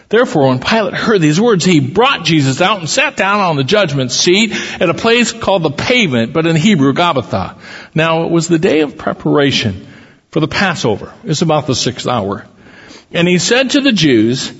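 A husky, fairly high male voice reads scripture in a sermon, swinging his pitch widely whenever he quotes someone. The sound is dull and lo-fi, with a long reverb ringing through a church sanctuary. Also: lively intonation, normal speed, a bit bright. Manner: reads scripture aloud with dramatic rises for quoted speech, then teaches. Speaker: pastor.

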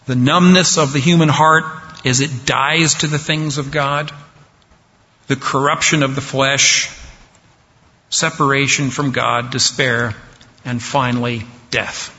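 A man preaching a sermon slowly and deliberately, pausing for effect. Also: medium pitch, fairly even intonation, bright, forceful tone. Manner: slow, deliberate preaching with dramatic pauses. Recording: dull sound with long hall reverb.

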